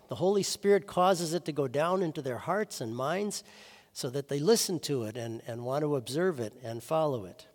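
A man's voice: on the high side, big-room sound. A man preaching a chapel sermon as chaplain, earnest and storytelling, rising for emphasis.

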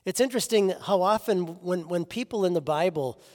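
A man preaching a sermon as pastor, earnest, often restarting his phrases and letting his voice drop softly at the ends of lines. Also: high-pitched, a little fast, in a large hall.

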